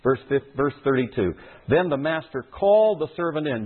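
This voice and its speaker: A man's voice: a little high, big pitch swings, normal speed, husky. A man preaching a sermon as a pastor, speaking with emphasis and repeating key phrases for stress. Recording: tinny phone-like audio.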